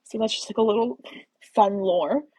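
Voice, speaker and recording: Young American woman hosting a casual book livestream, breathy voice, rambling chat, dry close sound. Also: medium pitch, normal speed, darkish tone, no room sound, low-quality recording. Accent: general American. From American Midwest. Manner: rambling, heavy on fillers, swears casually. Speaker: book club livestream host.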